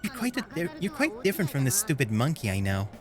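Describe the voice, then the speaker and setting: A man voicing a smug, gallant cat-like male mascot who flatters a girl and mocks a friend. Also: fairly high pitch, fast, over music. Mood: flattering.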